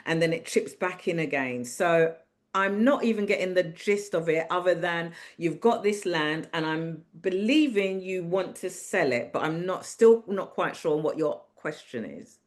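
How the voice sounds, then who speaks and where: A woman's voice: fairly low pitch, a little slow. Chatty woman hosting a property webinar. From Caribbean. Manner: chatty, upbeat, reassuring. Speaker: host of property Q&A clinic. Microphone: video call.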